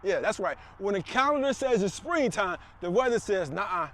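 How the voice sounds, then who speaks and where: A man's voice: high voice, lively intonation, moderate pace, a bit bright. A middle-aged man giving an emphatic, repetitive motivational speech to the camera, recorded outdoors. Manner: preachy, repetitive, emphatic with call-outs. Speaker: motivational speaker.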